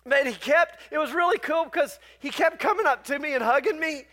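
A male pastor preaching a sermon in a conversational, animated storytelling manner. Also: extremely high pitch, a little fast.

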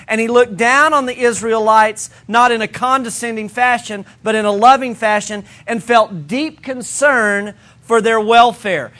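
A man's voice: extremely high pitch, a bit bright. A male pastor preaching a sermon in a conversational, humorous way, building points through emphatic repetition.

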